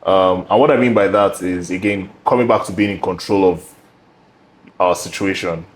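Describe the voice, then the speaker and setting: Deep-voiced young man musing aloud. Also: rough recording. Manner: reflective, measured, with frequent ums and restarts. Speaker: podcast host. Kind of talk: casual interview chat. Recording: faint background noise.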